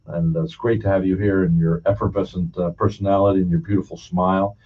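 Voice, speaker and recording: A man's voice: low voice, steady tone, quick pace, slightly rough. A male interview host, enthusiastic and chatty, full of fillers, asking about a guest's career. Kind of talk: casual interview. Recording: muffled, distant mic.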